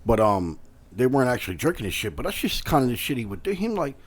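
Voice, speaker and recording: A man in his thirties co-hosting a podcast, telling stories in a casual, animated way and swearing a lot. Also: medium pitch, quick pace. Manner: animated, swears a lot, loud when retelling. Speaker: podcast co-host. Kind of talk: casual storytelling chat.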